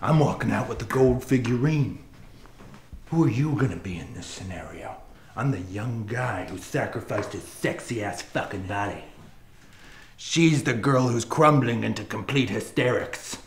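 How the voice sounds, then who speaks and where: A man's voice: fairly low pitch, animated, normal speed, a little hiss or hum. A man playing a fame-hungry, screaming actor. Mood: scheming. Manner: swings from muttering to manic screaming. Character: melodramatic young male actor, fame-hungry, shouting. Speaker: actor in a comedy sketch. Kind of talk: scripted sketch comedy. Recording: echoey room.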